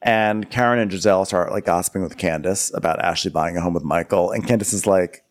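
A man's voice: deep voice, brisk, few pauses. A man co-hosting a podcast, wryly narrating a reality show recap in chatty casual talk. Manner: chatty, wry, storytelling. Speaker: podcast co-host.

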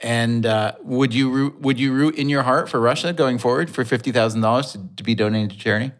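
A middle-aged man co-hosting a podcast, talking in a rambling, halting way and often restarting his sentences. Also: mid-range voice. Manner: rambling, halting, self-correcting. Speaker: podcast co-host. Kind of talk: casual chat.

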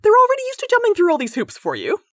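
A woman talking in a casual interview as a guest, animated, acting out what others say in playful voices. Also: very high-pitched, racing. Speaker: guest linguist.

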